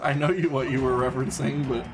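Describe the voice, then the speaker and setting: A man's voice: mid-range voice, fairly even intonation, quick pace. A man streaming a speedrun, rambling casually in a running chat with many fillers and restarts. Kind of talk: casual chat while gaming. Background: game music.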